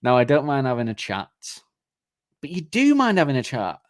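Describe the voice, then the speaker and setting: A man's voice: medium pitch, huge pitch swings, normal speed, no room sound, clean studio sound. A man co-hosting a podcast in casual chat, joking and rambling with the odd swear. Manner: jokey, rambling, swearing, bursts into silly sung voices. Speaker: podcast co-host.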